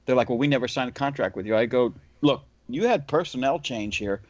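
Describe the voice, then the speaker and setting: A man's voice: medium pitch, brisk, no echo. A man telling a work story in a casual chat, voicing both sides of the dialogue as he goes. The recording is dry and dull, a little lo-fi. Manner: animated storyteller acting out dialogue. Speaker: window cleaner, podcast host. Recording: dull lo-fi audio.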